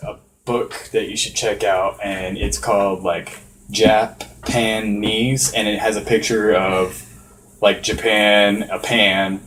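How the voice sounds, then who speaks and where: A man's voice: lowish voice, flat delivery, measured pace, fairly bright tone, a little hiss or hum. A man in casual podcast chat, laid-back and rambling, swearing freely. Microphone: shared podcast mic, creaking chair.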